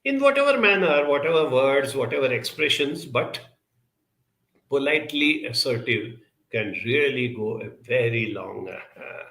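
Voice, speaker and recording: A man giving advice and answering audience questions in an earnest, measured way, pausing often with 'uh' between phrases. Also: medium pitch, animated, vocal fry, pushed and bright, echoey room. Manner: measured, earnest, with frequent pauses and 'uh' fillers. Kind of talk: advice talk.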